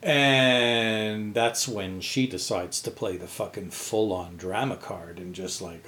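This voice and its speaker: A man's voice: lowish voice, takes it slowly, few pauses, a bit bright, a little hiss or hum. A man co-hosting a podcast, telling a restaurant story in casual chat. He swears freely and acts out the quotes. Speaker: podcast co-host.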